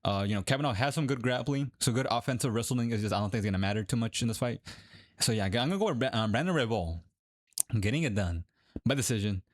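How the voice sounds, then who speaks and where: A man's voice: medium pitch, animated, quick pace, no room sound, clean studio sound. A young man casually talking to viewers, rambling and correcting himself with lots of fillers. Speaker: MMA predictions creator. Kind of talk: casual commentary to camera.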